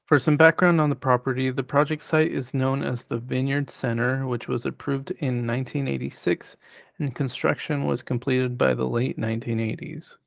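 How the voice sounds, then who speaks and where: A man on city planning staff who presents a formal report in a measured way, reading prepared remarks. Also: mid-range voice, steady tone, gravelly, no room sound. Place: city council chamber.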